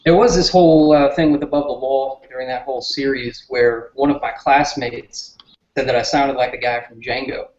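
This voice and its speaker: Southern man, interview guest, earnest and low-key; echoey, muffled recording. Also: steady tone, normal speed, a little mellow. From southern United States. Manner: earnest, toned-down delivery. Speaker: guest, political candidate. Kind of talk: casual interview talk. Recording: roomy, dull lo-fi sound.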